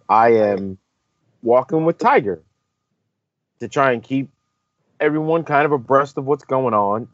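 A man co-hosting a golf podcast, telling a story in a casual, animated way and acting out the quotes. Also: medium pitch, no room sound, muffled recording. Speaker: podcast co-host, on-course reporter.

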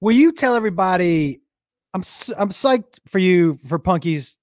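A man's voice: high voice, expressive, moderate pace, no room sound, studio quality. A man hosting a casual chat, eager and friendly with slangy talk. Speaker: host.

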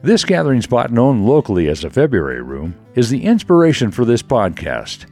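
A man reading the scripted introduction to a podcast in a measured, evocative delivery. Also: mid-range voice, wildly swooping pitch, mellow, soft background music. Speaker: show intro narrator. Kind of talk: scripted narration.

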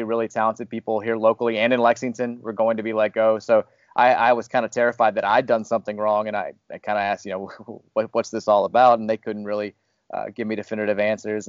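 Hailing from the Louisville, Kentucky area, a man who was fired from radio hosts a casual podcast in a medium-pitched voice. He rambles slightly, speaks candidly, and pokes fun at himself; the recording has no room sound and cut-off highs.

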